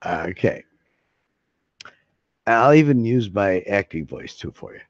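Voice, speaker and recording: A man's voice: on the low side, sing-song, takes it slowly, dry recording. A man hosting a casual live stream, chatting in a rambling, joking and loose way. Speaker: livestream host. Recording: dull lo-fi stream audio.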